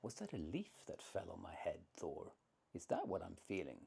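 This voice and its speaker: A man voicing a huge male giant of myth, sarcastic and mock-innocent, in a low, very husky voice. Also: normal speed, dark tone, heavily acted.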